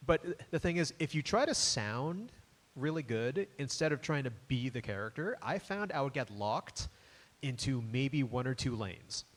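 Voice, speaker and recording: A man's voice: mid-range voice, expressive, normal speed. A man speaking on a live panel as a voice actor, explaining in a reflective way what he had to unlearn in his craft.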